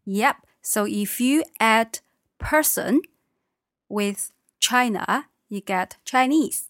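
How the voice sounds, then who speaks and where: A woman teaching a language lesson, patiently giving short confirmations and modeling phrases slowly. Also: a little high, fairly bright tone, dry recording, clean studio sound.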